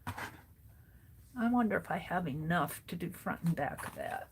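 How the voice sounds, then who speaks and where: Slow-talking woman chatting while she crafts. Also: fairly low pitch, animated, background noise. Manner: chatty, talking to herself while tidying and sewing. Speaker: craft streamer. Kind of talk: casual craft livestream chat.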